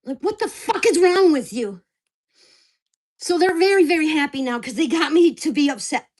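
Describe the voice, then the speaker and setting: A woman's voice: high voice, expressive, moderate pace, darkish tone. An older woman venting angrily and profanely in a casual vlog rant. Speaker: vlogger.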